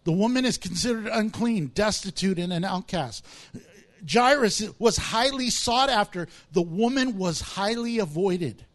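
A man's voice: high-pitched, animated, measured pace. A man preaching a sermon, explaining words from the text and acting out the voices of people in the story. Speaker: pastor.

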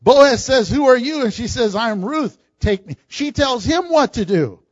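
Animated high-voiced male preacher. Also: normal speed, dry recording, lo-fi sound. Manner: animated, acts out quoted lines, laughs often. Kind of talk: sermon.

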